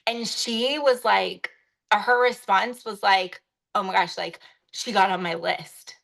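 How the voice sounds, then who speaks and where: A woman's voice: mid-range voice, a little slow, vocal fry, fairly bright tone. Chatty woman sharing on a video call. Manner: chatty, many filler "like"s. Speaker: real estate agent on a coaching call. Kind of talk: casual chat.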